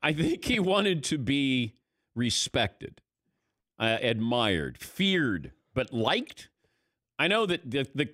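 A male sports talk host riffs casually in a mid-pitched voice that swoops up for emphasis. He restarts sentences often and talks with lively movement. The sound is close and dry. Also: takes it slowly, no room sound.

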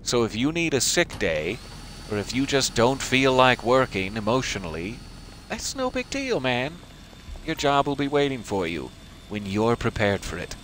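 A man's voice: mid-range voice, very animated, moderate pace, a bit bright, a little hiss or hum. A man putting on the voice of a smug, wealthy male boss lecturing his staff in a condescending, mock-generous way.

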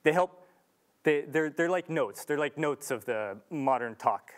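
A man's voice: a little high, expressive, measured pace. A young man giving an earnest, casual talk to an audience in a large lecture room, with restarts and filler ums. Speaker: student speaker.

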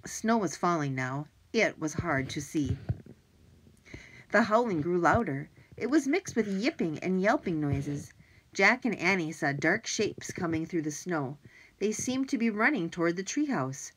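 A woman narrating a children's chapter book with expressive, animated delivery. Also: on the low side, normal speed, rough recording. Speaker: audiobook narrator. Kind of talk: children's story reading.

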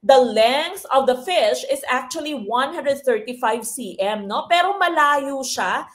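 Filipino lady coach, high voice, mixes english and tagalog, keeps saying "no?". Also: lively intonation, unhurried, fairly bright tone. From Philippines. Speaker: exam review coach. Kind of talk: live online exam review lesson.

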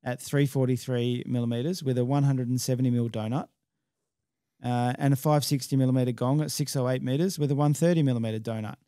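A man's voice: mid-range voice, steady tone, fast talker, warm tone, clear, resonant tone, no room sound, studio quality. A man, a match director explaining stages in a casual podcast chat. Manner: explanatory, technical detail.

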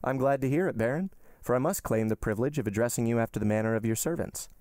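A man voicing a suave, ironic wealthy count in an audiobook reading, smooth and politely mocking. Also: medium pitch, quick pace, darkish tone, no echo, clean studio sound, voice pushed up, lightly acted. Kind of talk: audiobook character voice.

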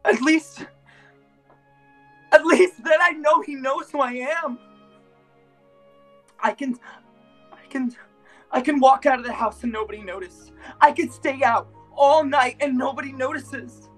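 A lonely, frightened teenage gang boy, acted by a woman stammers his lines in an amateur stage play. The voice sits high, with faint music behind it. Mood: miserable. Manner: halting, stammering. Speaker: student actor.

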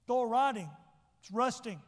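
A man's voice: extremely high pitch, moderate pace, big-room sound. A man preaching a sermon as pastor, telling personal stories and building to emphatic lines. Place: church sanctuary.

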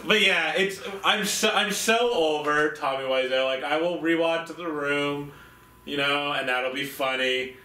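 A man's voice: on the high side, unhurried, bright, forceful tone, distant mic. A man co-hosting a movie awards show, chatting casually and dismissively about films. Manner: offhand, dismissive, laughs easily. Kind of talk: casual chat reviewing films. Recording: echoey room, a bit off mic.

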